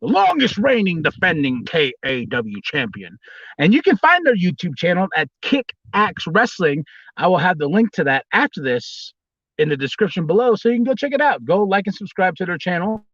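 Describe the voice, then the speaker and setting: Rambling wrestler man on a bright voice. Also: very animated, moderate pace, no echo, muffled recording. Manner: rambling, restarts, bursts into high squealing impressions. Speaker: livestream host, former wrestler. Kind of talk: casual storytelling livestream.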